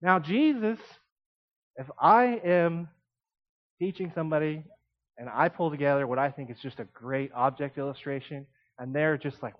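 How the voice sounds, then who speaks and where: A man preaching a sermon in an animated, conversational way, with emphatic asides. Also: a little high, normal speed, dull audio.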